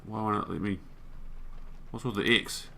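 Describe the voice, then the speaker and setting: Male let's player, bright tone, casual and profane, reading game prompts aloud. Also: lowish voice, moderate pace, creaky, a little hiss or hum. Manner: thinks aloud, swears, reads on-screen text. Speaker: gaming YouTuber. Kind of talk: let's play commentary.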